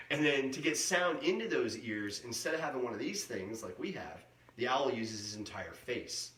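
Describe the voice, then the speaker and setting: A man's voice: medium pitch, a bit bright. A middle-aged man, a museum educator, giving a playful live talk for kids and imitating owl calls. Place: indoors, museum room. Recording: roomy sound, mic at a distance.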